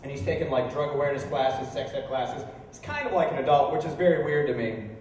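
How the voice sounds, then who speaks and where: A young man performing stand-up comedy, telling stories in a deadpan way that jumps into incredulous high outbursts. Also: fast talker, a little hiss or hum. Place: bar venue with a live audience. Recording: echoey room recorded from far off.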